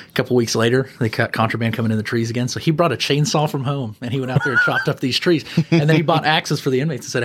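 A man, a former prison officer, telling animated anecdotes on a podcast and chuckling as he acts out what people said. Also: medium pitch, fast talker, few pauses, background noise. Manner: animated, chuckling storyteller who acts out quotes. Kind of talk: casual anecdote storytelling.

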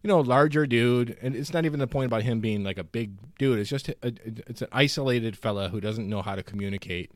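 A man's voice: fairly low pitch, no echo. A man co-hosting a podcast, chatting loosely about films and swearing freely. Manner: loose, swears a lot, lively. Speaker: podcast co-host. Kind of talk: casual movie chat.

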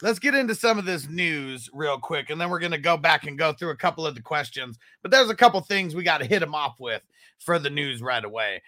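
A man's voice: a little high, lively intonation, brisk, bright, forceful tone. A man hosting a casual sports podcast, laughing often and bantering in slang. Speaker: podcast host.

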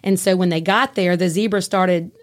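A woman's voice: on the low side, fairly even intonation, moderate pace. A woman, co-hosting a crime podcast in a chatty, joking way. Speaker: podcast co-host. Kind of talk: casual chat and news reading.

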